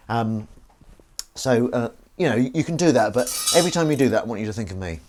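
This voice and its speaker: A man's voice: mid-range voice, expressive, normal speed, pauses often, a little mellow, a little hiss or hum. A man hosting a live stream, chatting playfully and rambling with silly asides while washing up. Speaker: streamer host.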